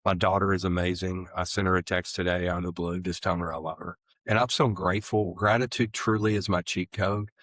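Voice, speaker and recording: A middle-aged man, earnestly telling his own recovery story in an interview and getting animated as he acts out his old excuses. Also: sits low, brisk, few pauses, dry recording. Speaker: guest sharing recovery story.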